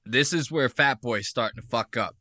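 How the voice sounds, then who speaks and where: A man's voice: mid-range voice, normal speed, pushed and bright, dry recording, clean studio sound. A man hosting a podcast, reacting to a clip with brash, mocking, profane commentary. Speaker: podcast host.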